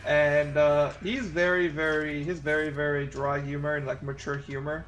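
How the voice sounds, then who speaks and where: A man's voice: on the high side, little pitch movement, moderate pace, a bit bright, a little hiss or hum. Rambling man in a gaming voice chat. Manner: rambling, restarts with fillers. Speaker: gamer in voice chat. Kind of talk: casual chat while gaming.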